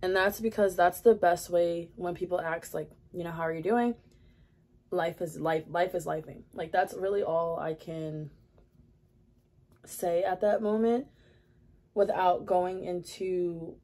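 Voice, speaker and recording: A woman's voice: on the low side, fairly even intonation, measured pace, mellow. A young woman vlogging at her makeup area at home, chatting candidly with lots of fillers. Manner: rambling, many fillers, candid. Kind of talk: casual confessional chat.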